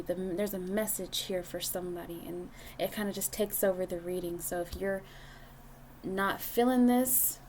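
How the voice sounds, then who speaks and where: A woman's voice: mid-range voice, darkish tone, slight background noise. A young adult woman doing a casual tarot reading, speaking bluntly and swearing freely as she talks to the viewer. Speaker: tarot reader.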